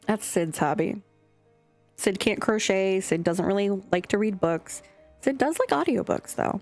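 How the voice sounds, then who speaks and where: A woman's voice: lowish voice, big pitch swings, moderate pace, pauses often. A young adult woman streamer chatting casually and scatteredly with her chat, swearing now and then. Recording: faint music behind.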